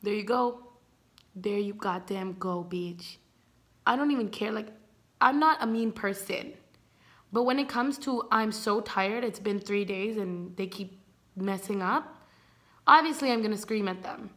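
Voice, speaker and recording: Animated young woman telling a story. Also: mid-range voice, normal speed. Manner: animated, swears freely, acts out quotes. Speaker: vlogger. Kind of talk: storytime vlog.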